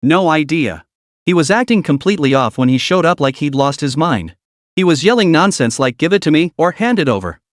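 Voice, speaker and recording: Stubborn young woman, as a man puts her on, curt answers, fairly high pitch, dry sound. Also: very animated, brisk, no room sound. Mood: evasive.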